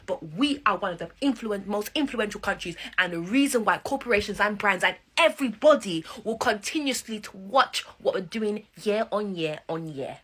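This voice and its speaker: A woman's voice: medium pitch, a bit bright, slightly rough. A woman from Jamaica in an impassioned, defiant rant to camera, repeating her points and sometimes dropping to a whisper.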